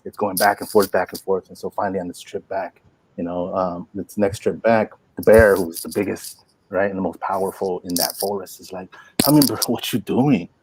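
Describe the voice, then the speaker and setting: A man in his forties, a poet and workshop teacher, telling stories in an animated, folksy way full of "like" and "you know". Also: deep voice, brisk, noisy background. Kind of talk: inspirational storytelling talk.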